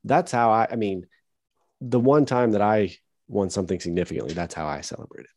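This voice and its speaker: Dry-humored man with a low voice. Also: brisk, darkish tone, no echo. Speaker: podcast co-host. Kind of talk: casual chat.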